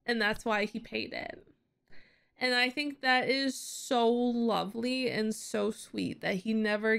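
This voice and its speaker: A woman's voice: a little high, creaky, a bit bright, clean tone. A young woman hosting an anime reaction, chatting emotionally and getting teary, with lots of "like" and "you know.". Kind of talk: casual reaction commentary.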